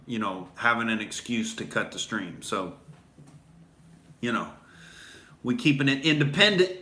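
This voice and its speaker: A man's voice: medium pitch, bright, forceful tone, echoey room. A male comedian hosting a livestream, talking in a sarcastic, rambling monologue full of fillers.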